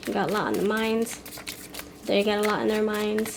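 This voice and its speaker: A woman reads tarot in a loose, rambling way, thinking out loud and restarting her sentences, blunt when she gets frustrated. Her voice sits at a middle pitch for a woman. Clear background noise and the rustle of cards run under the home recording. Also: steady tone, normal speed, poor audio. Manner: rambling, frank, thinks aloud with fillers and restarts. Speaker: tarot reader. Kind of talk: pick-a-card tarot reading.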